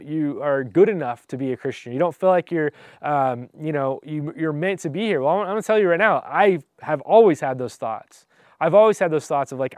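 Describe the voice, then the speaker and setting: A man delivers a sermon in a relaxed, conversational way, talking straight to his congregation. His voice sits a little high and sounds dry and close, and he often breaks off to restart a phrase or toss in a quick rhetorical aside. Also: dry recording. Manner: earnest, informal, addresses listeners directly. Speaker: pastor.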